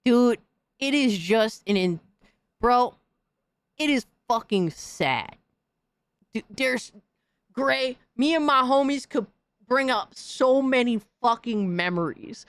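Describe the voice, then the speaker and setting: A woman's voice: on the high side, expressive, slow pace, pauses often, clean tone, no echo. A woman hosting a podcast, delivering a heated, profane, slang-filled rant in casual commentary. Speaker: podcast host.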